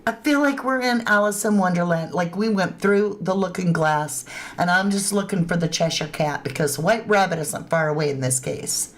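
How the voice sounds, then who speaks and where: A woman's voice: fairly low pitch, moderate pace. Lady chatting away on her live show, casual and loose, talking right to her viewers. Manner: informal grammar. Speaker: true crime channel host. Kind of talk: casual livestream commentary.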